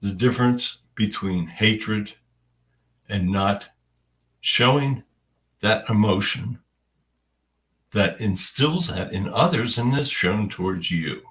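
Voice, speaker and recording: A man delivering a spiritual message in the first person, in deliberate, halting phrases with long pauses. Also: fairly low pitch, a bit bright, recorded from a distance.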